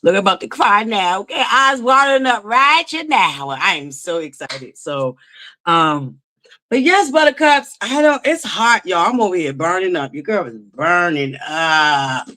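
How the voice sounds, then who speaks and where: A woman's voice: on the low side, very animated, measured pace, bright, forceful tone. A woman hosting a casual livestream from home, chatting and greeting viewers by name. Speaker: livestream host.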